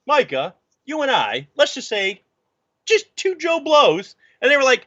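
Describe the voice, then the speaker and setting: A man's voice: extremely high pitch, a little slow, no room sound, highs cut off. A man co-hosting a casual podcast, chatting and reading articles aloud, tripping over words as he goes. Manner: animated, stumbles over words while reading. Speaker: podcast co-host.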